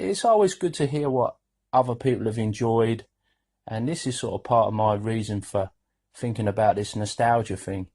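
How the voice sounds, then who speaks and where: A man's voice: mid-range voice, darkish tone. A British man in his forties hosting a gaming podcast, chatting in a jokey, rambling way. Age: 40s. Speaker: podcast host. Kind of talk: casual podcast chat.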